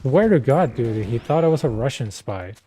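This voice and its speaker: A man's voice: medium pitch, sing-song, moderate pace, dark tone, a little hiss or hum. A man streaming a game, chatting casually and telling rambling stories full of slang and filler words. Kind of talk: casual chat while gaming.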